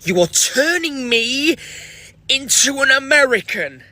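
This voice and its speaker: A man's voice: extremely high pitch, big pitch swings, unhurried, sharp tone, dry recording. A British man doing a comic video monologue with theatrical, exaggerated enthusiasm. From Britain. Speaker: vlogger.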